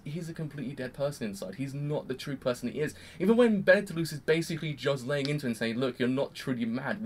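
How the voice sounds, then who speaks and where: A man giving a casual, rambling review of an anime episode, excitable and full of fillers. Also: mid-range voice, a little hiss or hum. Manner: rambling and excitable, heavy use of "like".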